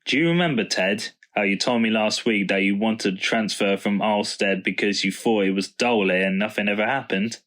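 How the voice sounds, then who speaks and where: A gentle, thoughtful father who speaks in a patient, explaining way, read by a male storyteller. He sounds calm and fond, with a lift of brightness. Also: on the low side, normal speed, hardly any pauses, lightly acted. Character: kind, patient father and vicar. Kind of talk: storybook reading.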